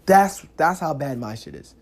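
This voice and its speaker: A man with a slightly higher voice talks through a casual solo podcast. He tells stories in loose, slangy street talk, swears often, and keeps saying "yo" and "like". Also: normal speed, vocal fry. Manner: animated, slangy storytelling with frequent "yo" and "like"; curses freely. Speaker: podcast host.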